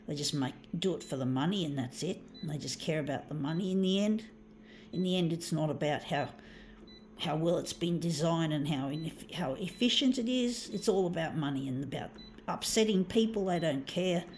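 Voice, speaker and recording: Her voice sits low with a darkish tone, and there's slight background noise. She's an artist vlogger chatting to viewers in a loose, rambling monologue as she works on her art, cursing frequently and addressing them as folks.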